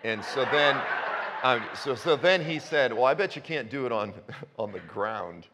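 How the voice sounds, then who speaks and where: A man in his fifties preaching a sermon, telling stories with self-mocking humor and breaking into sudden high outbursts. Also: expressive, a little slow, noisy background. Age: 50s. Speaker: pastor. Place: church sanctuary. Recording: long reverb of a church hall.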